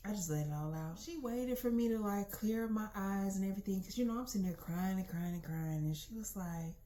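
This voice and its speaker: A young adult woman telling a comic personal story to her listeners in a casual, slangy, animated way. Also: medium pitch, brisk, a little hiss or hum. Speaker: storytelling podcast host.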